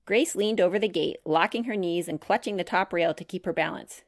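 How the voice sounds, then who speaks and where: A woman reading her own children's chapter book aloud, narrating in a clear, measured way. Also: on the low side, dry recording, studio quality.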